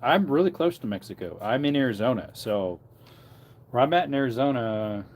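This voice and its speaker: A man's voice: medium pitch, expressive, moderate pace, a little mellow. Rambling man in his thirties chatting. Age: 30s. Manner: rambling, answers chat comments aloud. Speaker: livestreamer. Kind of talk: casual livestream chat.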